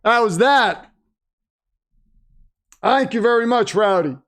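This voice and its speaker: A man hosting a live watch-party stream from a home setup, chatting casually and breaking into loud wrestling-announcer shouts. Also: very high voice, animated, takes it slowly. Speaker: livestream host.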